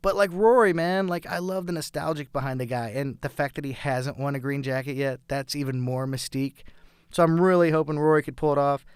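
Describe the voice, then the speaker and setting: A man's voice: on the high side, steady tone, fairly quick, clear, resonant tone, no room sound, clean studio sound. A young adult man hosting a casual sports talk show, chatty and enthusiastic, rambling through his picks.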